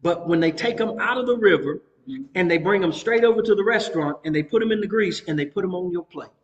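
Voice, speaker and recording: Man, middle-aged pastor, folksy conversational preaching, fairly high voice, dull echoey church recording. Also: fast talker. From North Carolina. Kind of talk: Bible study teaching.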